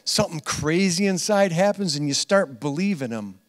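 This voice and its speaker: A male pastor gives a conversational sermon in a high, lively voice, laughing and repeating himself for emphasis. He drops to quiet asides between loud, emphatic lines. A long reverb from the church hall trails every phrase. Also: moderate pace.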